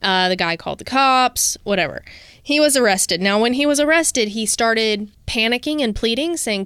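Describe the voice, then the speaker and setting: A woman's voice: a little high, expressive, moderate pace, fairly bright tone, clean tone, no echo, clean studio sound. A woman co-hosting a podcast, telling a true-crime case from notes and dropping into casual asides. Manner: reads researched notes, breaks into casual asides. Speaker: podcast co-host.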